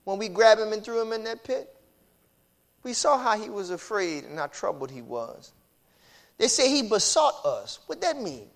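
A male preacher giving a sermon in a colloquial, repetitive style that builds from quiet explanation to shouted exclamations. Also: sits high, very animated, normal speed, vocal fry. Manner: colloquial, uses y'all.

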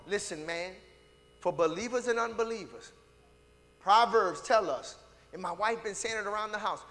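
High, lively preacher in an echoing church. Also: male voice, moderate pace. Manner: emphatic, checks in with "All right?"; calls out to the congregation. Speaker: pastor. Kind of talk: sermon. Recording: reverberant hall.

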